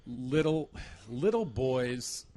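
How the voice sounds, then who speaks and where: A man's voice: mid-range voice, expressive, extremely slow, warm tone, a little hiss or hum. A man in his thirties chatting on a podcast, telling a profane story about his kids with frequent laughter. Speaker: podcast host. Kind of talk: casual chat.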